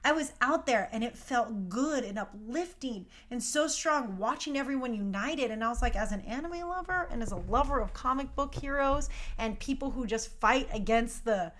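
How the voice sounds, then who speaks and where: A woman's voice: on the high side, lively intonation, normal speed, hardly any pauses, a bit bright. A young woman hosting a talk show, speaking in a passionate, emphatic casual monologue. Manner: impassioned, emphatic.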